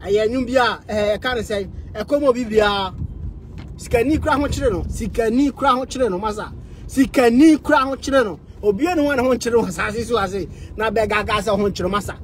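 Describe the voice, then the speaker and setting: A man with a Ghanaian accent hosting a podcast, talking in an energetic, casual way and giving shout-outs to listeners. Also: extremely high pitch, fairly quick, slight background noise. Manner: energetic, switches between Twi and English. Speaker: podcast host.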